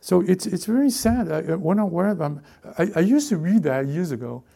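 A male pastor preaching a sermon in an animated way, acting out quoted voices and often restarting his sentences. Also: high voice, fairly quick, vocal fry.

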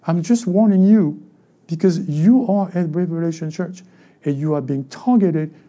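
A man with a French accent preaching a sermon as a pastor, animated and acting out other people's voices. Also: on the high side, moderate pace. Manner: animated, acts out voices of church members.

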